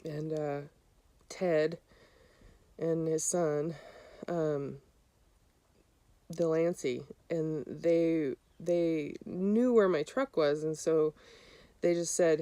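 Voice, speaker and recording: Brief: woman, lower register, casual first-person storyteller, halting delivery with restarts. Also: dark tone, no room sound. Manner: halting, with many fillers and restarts; re-enacts other people's lines in a raised voice. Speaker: hunter telling her story.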